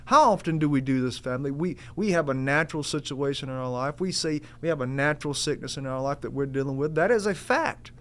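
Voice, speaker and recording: Earnest male preacher with a higher voice. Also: fast talker, hardly any pauses. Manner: earnest, emphatic, repeats key phrases. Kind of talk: sermon.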